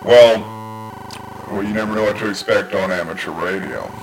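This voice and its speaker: Demonstrating a circuit at his home workbench, an electronics hobbyist speaks at a moderate pace in a voice on the low side, casually explaining things with wry asides. Background music, synth tones and circuit distortion sit behind his desktop mic, which is at times heard through a breadboard circuit.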